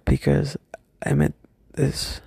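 A young man telling a personal story from his school days, hesitant and halting, often stopping and restarting. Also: a little high, completely flat delivery, gravelly, dark tone, breathy edge, dry recording, clean studio sound.

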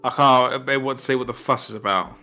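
Teasing, excitable man. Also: medium pitch, a little fast. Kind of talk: casual chat.

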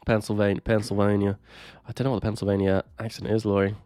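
A man's voice: on the low side, little pitch movement, fast, mellow, no room sound, clean studio sound. A man co-hosting a casual podcast chat over a voice call, laughing often, swearing and reading out viewer comments. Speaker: podcast co-host. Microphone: own microphone on a voice call.

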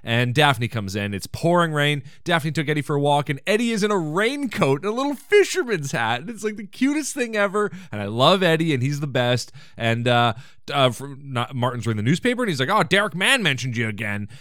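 Male podcast host, lively up-and-down delivery, joking and rambling, dry close sound. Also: a little high, fairly quick, clean tone, dry recording. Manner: rambling, joking, sarcastic asides. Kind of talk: casual comedic episode recap.

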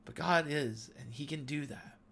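A man's voice: on the high side, normal speed, vocal fry, a bit bright, a little hiss or hum. A man in his thirties hosting a devotional talk, sharing an earnest, emotional testimony. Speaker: podcast host.

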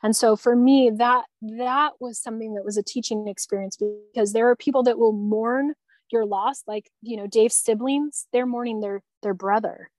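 A middle-aged woman sharing a personal story in a podcast conversation, earnest and reflective, growing animated as she recalls events. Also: a little high, moderate pace, no echo, poor audio. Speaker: guest.

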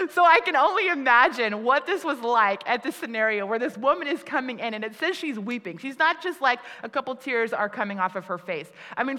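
A woman preacher, her voice fairly high, pushed and bright, delivers a chatty sermon full of fillers, frequently restarting her sentences and laughing at herself. The recording carries a long hall reverb.

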